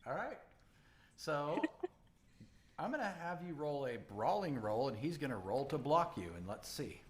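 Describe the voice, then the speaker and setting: A man's voice: on the high side, very animated, a little slow. A man running a tabletop role-playing game as game master, narrating expressively.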